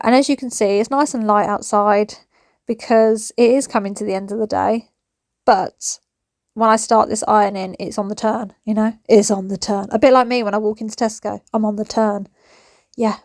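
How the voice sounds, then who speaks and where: A woman's voice: medium pitch, darkish tone, dry recording, clean studio sound. A woman, chatting her way through housework in a home vlog, ranting and joking about her day in a family kitchen. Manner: chatty, ranting, self-mocking. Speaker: vlogger. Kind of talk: chatty cleaning vlog narration.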